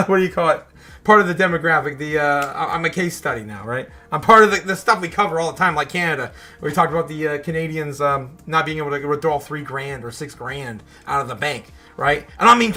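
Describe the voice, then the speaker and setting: A man's voice: a little high, bright, forceful tone. A man hosting a crypto show, talking in a frustrated, rambling rant full of swearing. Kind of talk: casual livestream rant.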